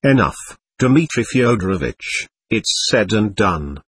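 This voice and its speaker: A man's voice: on the low side, sing-song, slow, a bit bright, husky, dry recording, exaggerated voice. A man doing a gushing, domineering lady. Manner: effusive, lecturing, talks over others. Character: gushing, domineering middle-aged lady patron.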